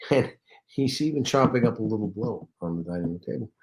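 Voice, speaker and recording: With a lowish voice and a fairly quick pace, this man, who does comedy and voice acting, shares animated stories as a guest in a relaxed interview.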